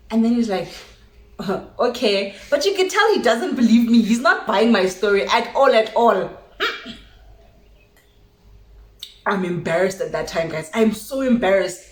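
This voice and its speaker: A young woman with a South African accent tells a personal story in animated, casual chat. Her voice sits a little high. The room around her gives it an echoey ring. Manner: animated storytelling, switching languages, acts out dialogue. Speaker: vlogger.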